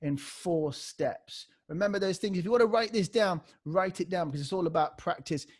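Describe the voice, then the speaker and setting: Energetic man leading a beatbox class. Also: high voice, normal speed, breathy edge. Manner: energetic, demonstrates vocal scratch sounds. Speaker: beatbox workshop leader. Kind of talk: live online workshop teaching. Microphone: video call.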